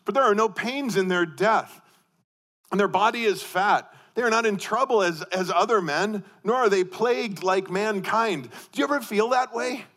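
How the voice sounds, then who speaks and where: Emphatic male preacher, fairly high voice. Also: moderate pace. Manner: emphatic preaching, rhetorical questions, swings from loud to hushed; repeats and restarts phrases. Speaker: pastor. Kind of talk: sermon.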